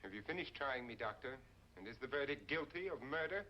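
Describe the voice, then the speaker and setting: An actor as a sardonic millionaire husband. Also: male voice, mid-range voice, animated, a little fast, highs cut off, noisy background, natural voice. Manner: cool, sardonic and cutting. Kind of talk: 1950s film acting.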